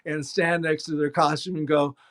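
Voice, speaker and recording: Middle-aged man, bookstore owner, chatty anecdotal guest, slightly high voice. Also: normal speed. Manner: animated anecdotes, acts out quoted voices. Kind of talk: casual interview storytelling.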